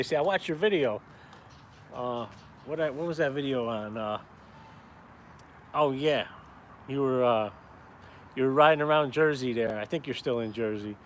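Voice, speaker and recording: A man's voice: mid-range voice, normal speed, long pauses, slight background noise. Chatty man live-streaming outdoors. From upstate New York. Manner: rambling, chatty, swears casually. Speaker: caricature artist and vlogger. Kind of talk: casual live-stream chat. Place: outdoors in town, cold.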